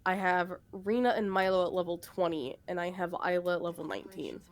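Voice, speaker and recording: A woman's voice: fairly low pitch, fairly quick. A woman casually telling a long, rambling story about running a tabletop game, full of fillers and laughter.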